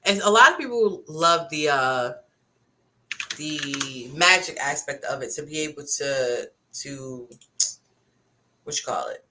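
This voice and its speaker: A woman's voice: deep voice, slow pace, pauses often, a little hiss or hum. A woman co-hosting a podcast, chatting casually about games and greeting viewers in the chat. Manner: relaxed, greets viewers in chat mid-conversation. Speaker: podcast co-host.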